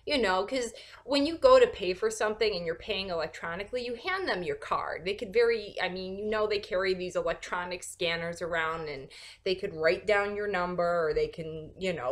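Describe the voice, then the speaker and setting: A woman vlogger talking in a casual, animated and sarcastic rant, full of fillers and restarts. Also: fairly low pitch, fairly quick. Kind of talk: casual ranting monologue.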